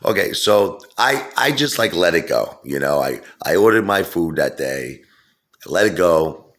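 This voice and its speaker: A man's voice: low-pitched, sing-song, measured pace, a bit bright. A middle-aged man telling a rambling, casual story full of fillers and asides. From Brooklyn, New York. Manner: rambling, digressive, many fillers. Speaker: vlogger.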